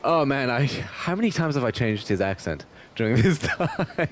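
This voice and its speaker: A man's voice: medium pitch, big pitch swings, moderate pace, a little hiss or hum. A man hosting a game playthrough, chatting playfully and laughing at himself between readings. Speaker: let's play host.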